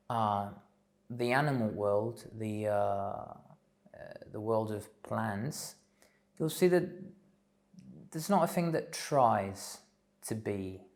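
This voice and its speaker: A man giving a slow, thoughtful spiritual talk, pausing often with fillers. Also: lowish voice, lively intonation, darkish tone. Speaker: spiritual teacher. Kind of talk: reflective solo talk.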